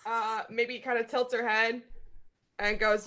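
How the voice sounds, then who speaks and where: A woman playing a tabletop game, describing her character with playful, deadpan quips. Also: a little high, unhurried. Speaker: player.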